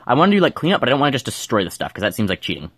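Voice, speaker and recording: A man's voice: medium pitch, wildly swooping pitch, racing, husky, dry recording, studio quality. A man giving casual gameplay commentary, thinking aloud and mumbling with fillers as he plays at home. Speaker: gameplay streamer.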